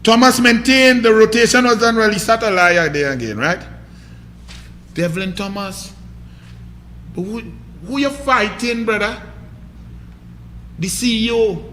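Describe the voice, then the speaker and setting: A man's voice: high voice, lively intonation, a little slow, pauses often, sharp tone, reverberant, slight background noise. A man with a Trinidadian accent giving a scornful, mocking political rant, hammering his points with emphasis. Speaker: political commentator. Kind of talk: ranting political commentary.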